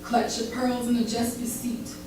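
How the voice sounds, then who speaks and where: A young woman performing spoken word poetry with rhythm and dramatic pauses at a live event in a barber shop. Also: a little high, little pitch movement, over music. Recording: echoey room heard from far off.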